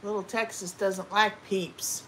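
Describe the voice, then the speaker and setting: A woman's voice: medium pitch, fairly even intonation, unhurried. A woman chatting playfully with a friend during a livestream. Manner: playful, teasing. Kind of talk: casual chat. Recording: noisy background.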